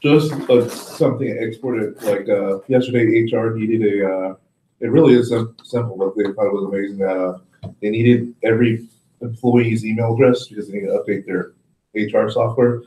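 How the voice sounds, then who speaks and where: Mellow low-voiced man, hesitant. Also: steady tone, normal speed. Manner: hesitant, plain-spoken. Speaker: user group member. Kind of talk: casual meeting chat. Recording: roomy meeting room.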